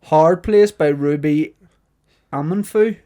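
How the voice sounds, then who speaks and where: A man's voice: a little high, takes it slowly, warm tone. A man co-hosting a podcast in casual banter, teasing his co-host and reading out lists. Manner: teasing, joking, reads out lists.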